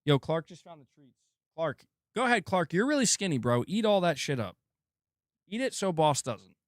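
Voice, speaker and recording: A man's voice: a little high, big pitch swings, normal speed, no room sound, clean studio sound. A man hosting a gaming channel in a casual livestream chat, laid-back, swearing and laughing often, with a sore throat.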